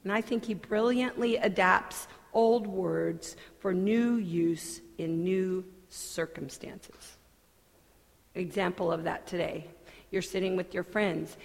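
A woman pastor delivering a sermon in a church sanctuary, earnest and deliberate, with conversational asides. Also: medium pitch, creaky. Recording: long hall reverb.

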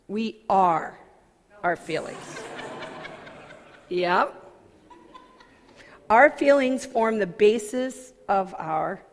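A woman church minister giving a personal sermon talk, expressive and self-mocking, swinging from soft asides to loud outbursts. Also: mid-range voice. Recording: long hall reverb.

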